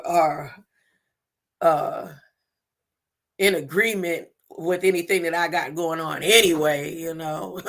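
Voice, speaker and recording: A woman hosts a spiritual livestream in a drawn-out, very slow delivery. Her voice is bright and forceful. She laughs often and leans on repeated words. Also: on the low side. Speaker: livestream host. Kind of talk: spiritual livestream talk with affirmations.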